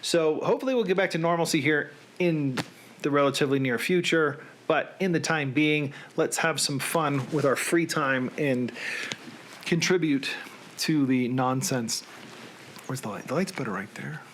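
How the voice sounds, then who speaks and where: A man's voice: fairly high pitch, normal speed, fairly bright tone, a little hiss or hum. A man in his thirties hosting a casual, rambling chat from home, joking at his own expense. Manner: rambling, self-deprecating. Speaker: host.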